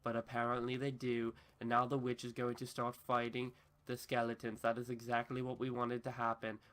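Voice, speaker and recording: A man voicing a male wilderness survival show host in a put-on Australian accent, with a stiff, formal, deadpan delivery in a comedy skit. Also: medium pitch, brisk, close to an everyday voice. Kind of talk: comedy skit narration over gameplay.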